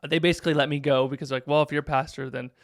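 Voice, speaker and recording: A man in his thirties, a pastor, telling a story in a relaxed chat with plenty of fillers. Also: on the high side, racing, dry recording, clean studio sound. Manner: animated storyteller, many fillers. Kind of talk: casual podcast storytelling.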